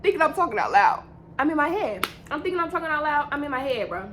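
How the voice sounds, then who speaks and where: A woman's voice: sits high, big pitch swings, fast talker, a bit bright, a little hiss or hum. A young woman telling a rambling, slang-filled story in a casual storytime vlog, often repeating herself. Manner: rambling, repetitive slang-heavy storytelling with laughs.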